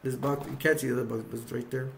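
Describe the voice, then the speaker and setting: Gravelly man rambling through a movie plot. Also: mid-range voice, little pitch movement, racing. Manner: rambling, acts out lines, lots of fillers. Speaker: video reviewer. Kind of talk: casual retelling of movie scenes.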